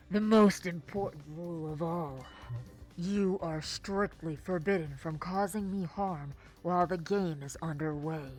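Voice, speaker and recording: A woman voicing a stern, tyrannical game master in a video game, calm and commanding as she lays down the rules. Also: on the low side, lightly acted, poor audio. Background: faint game music.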